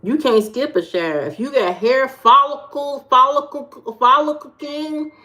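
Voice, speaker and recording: Woman livestreamer, slow comic rants, somewhat high voice. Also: pushed and bright. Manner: comic rants, greets viewers by name, repeats words. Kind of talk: casual livestream chat.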